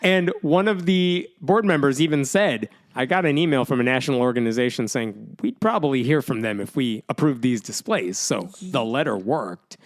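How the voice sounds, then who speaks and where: A man's voice: mid-range voice, moderate pace, few pauses. A man co-hosting a podcast, chatting casually and reading out quotes with sarcastic asides. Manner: animated, reads out quotes with sarcasm. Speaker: podcast co-host. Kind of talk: casual chat.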